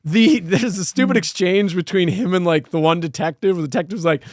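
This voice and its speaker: A man's voice: high-pitched, fairly quick, dry recording, studio quality. A man co-hosting a podcast, casually recapping and ranting about a film, profane and sarcastic. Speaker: podcast co-host. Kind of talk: casual movie review chat.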